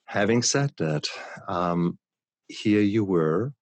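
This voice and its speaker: Brief: male podcast host, very low voice, unhurried delivery, dry close sound. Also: no room sound. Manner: relaxed, measured questioning. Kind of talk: conversational interview.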